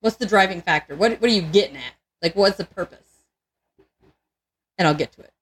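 A woman's voice: lowish voice, lively intonation, a little fast, breathy edge. A woman co-hosting a podcast in casual chat, crude and joking, laughing often and tripping over words. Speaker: podcast co-host.

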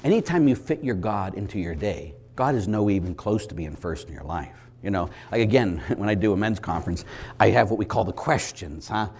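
Animated preaching man, lively pitch. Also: a little fast, slight background noise. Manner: animated storyteller who acts out voices, sudden loud bursts, chuckles. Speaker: Catholic priest and speaker.

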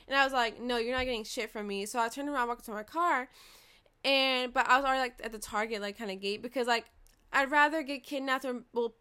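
A young woman vlogging, telling a story fast and profanely, acting out quoted dialogue, into a desk microphone. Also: a little high, sharp tone, clear, resonant tone. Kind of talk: casual storytelling monologue.

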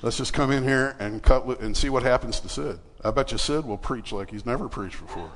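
A man's voice: mid-range voice, fairly quick, long reverb tail. A man preaching in church, telling a personal story in a casual, conversational way and acting out the voices in it. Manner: casual, conversational storytelling with fillers and animated quoted dialogue.

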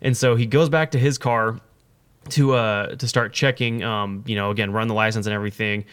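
A young man telling a story in casual chat, rambling and animated. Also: fairly low pitch, fairly quick, clear, resonant tone. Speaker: podcast co-host telling a story.

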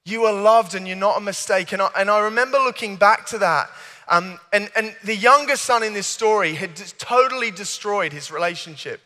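A man's voice: high-pitched, a little fast, pushed and bright. A man preaching at a youth service. He is eager and earnest and keeps stumbling into restarts. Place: large church hall. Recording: long hall reverb.

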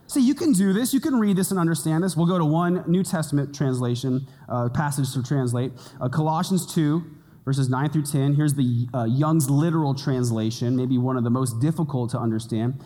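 A man's voice: mid-range voice, fairly even intonation, moderate pace, warm tone. A man preaching a sermon as pastor, teaching in a conversational way with playful asides. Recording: long hall reverb.

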